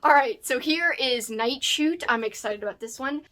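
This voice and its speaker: A bubbly woman vlogging from home, her voice a little high and full of excitement as she shows off new books. She keeps it casual and chatty, and often turns aside to talk to her dog. The sound comes straight from the camera's mic. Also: normal speed. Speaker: book vlogger. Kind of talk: casual unboxing chat to camera.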